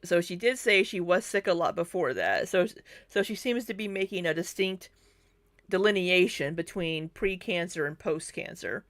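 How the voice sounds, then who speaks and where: A woman's voice: fairly low pitch, animated, moderate pace, fairly bright tone, no room sound. A woman hosting a reaction commentary, chatting about clips and often breaking into laughter. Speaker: commentary channel host.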